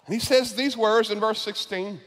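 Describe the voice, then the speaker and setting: A man preaching a sermon as pastor, often repeating words as he builds, and he rises into shouted climaxes. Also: sits high, steady tone, normal speed. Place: large church sanctuary. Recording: long church reverb.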